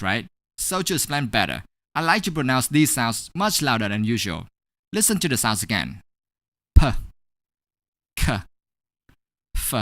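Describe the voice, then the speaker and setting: A woman teaching English pronunciation in a scripted online lesson, over-articulating each sound slowly and deliberately. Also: very deep voice, a bit bright, no room sound, clean studio sound.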